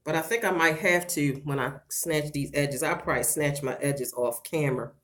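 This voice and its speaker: A middle-aged woman chatting on a casual livestream, loud and playful, breaking into laughter and talking straight to her viewers while she does her hair at home. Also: low-pitched, moderate pace, a little hiss or hum. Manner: slangy and animated, talks straight to viewers. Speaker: vlogger doing a livestream.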